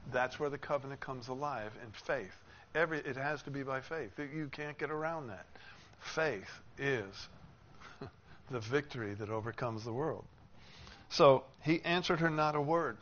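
A medium-pitched man delivers a sermon at a moderate speed, explaining scripture and performing the voices of its characters with growing force. He sounds expressive, though the recording is somewhat dull and carries faint noise.

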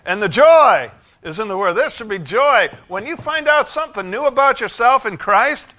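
A man preaching a sermon from the pulpit, fervent, swinging from low, quiet lines to shouted bursts of joy. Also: expressive, fairly quick. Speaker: pastor. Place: church sanctuary.

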